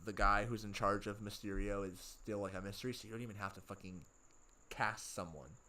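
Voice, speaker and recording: A man's voice: fairly low pitch, fairly even intonation, a little fast, sharp tone. Man, co-host, casual chat, cursing a lot, distant from the mic. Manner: laid-back, swears constantly. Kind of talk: casual pop-culture chat.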